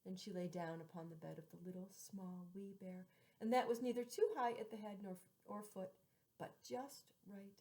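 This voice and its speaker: A woman's voice: mid-range voice, steady tone, low-quality recording. A woman reading a fairy tale aloud, drawing out repeated phrases and dropping some words to a whisper. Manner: drawn-out repetitions with hushed, whispered words. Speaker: storyteller.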